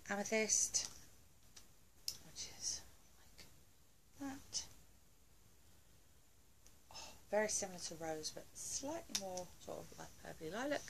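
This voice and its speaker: A woman's voice: medium pitch, vocal fry, fairly bright tone, slight background noise, rough recording. A woman doing a casual beauty haul video at home, chatty and gushing, with lots of fillers and asides. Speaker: beauty vlogger.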